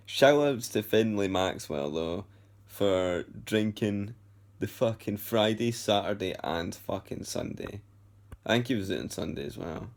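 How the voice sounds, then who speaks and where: A young Scottish man talks in a loose, rambling vlog, swearing freely and correcting himself as he goes. His voice sits low with a gravelly fry. He sounds worn out and knackered. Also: a little mellow. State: tired. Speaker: vlogger. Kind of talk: casual chat.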